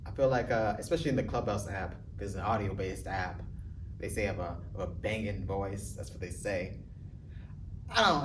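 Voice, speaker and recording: A young man doing a casual stand-up set, rambling and deadpan with lots of swearing. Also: on the low side, a little hiss or hum. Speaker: stand-up comedian. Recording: distant mic with faint ambience.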